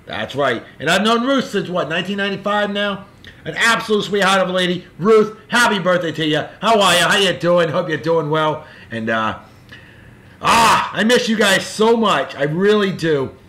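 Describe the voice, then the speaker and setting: A man hosting a casual show, giving boisterous, jokey birthday shout-outs in a folksy way. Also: sits high, lively intonation, normal speed. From California. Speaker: show host.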